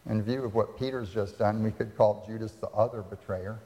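A man's voice: on the low side, steady tone, brisk, warm tone. A man preaching a sermon as pastor, retelling scripture dramatically and asking the congregation rhetorical questions. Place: church sanctuary. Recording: long reverb of a hall.

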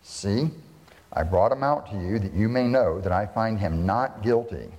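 A man reading the part of an uneasy Roman governor aloud in a formal, measured way, heard in a reverberant hall. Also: on the low side, darkish tone, natural voice. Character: stern Roman male governor, uneasy and wavering. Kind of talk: scripture reading.

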